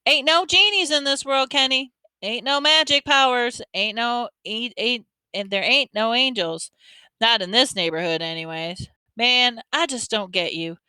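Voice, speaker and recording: A blunt, bossy teenage boy who scolds in slangy street talk, as a woman reader puts him on. The voice sits high and bright, clean and crisp, with a dry close sound and no room around it. The voice is kept full and firm. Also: unhurried, dry recording. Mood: scolding.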